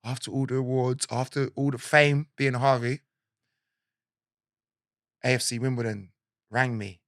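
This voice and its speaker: South london guy in his 40s telling stories, bright voice, acts out quotes, dry close sound. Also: medium pitch, a little slow, dry recording. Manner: animated storyteller, acts out quotes, laughs often. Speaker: guest. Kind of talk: casual interview chat.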